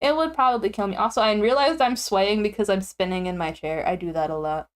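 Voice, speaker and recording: A woman's voice: fast talker, clear, resonant tone. A young woman streamer chatting casually with her viewers, giggling often, tired and yawning. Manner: chatty, giggly, animated swings in pitch.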